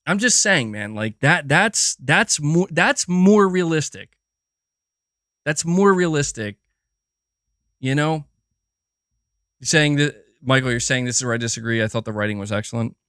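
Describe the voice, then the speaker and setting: A man hosting a gaming livestream, talking in a casual, animated and profane rant, often restarting his sentences and answering chat. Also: medium pitch, moderate pace, dry recording, studio quality. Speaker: livestream host.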